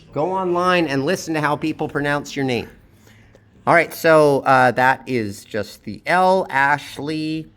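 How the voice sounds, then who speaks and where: A man of medium pitch teaches pronunciation, reviewing his students' phonetic transcriptions. He patiently draws out each sound as he demonstrates it.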